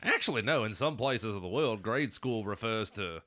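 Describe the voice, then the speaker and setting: Podcast host, low-pitched man with a sharp, bright voice, profane and rambling. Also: animated, moderate pace. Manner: rambling, profane, laughs often. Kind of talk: casual chat, storytelling.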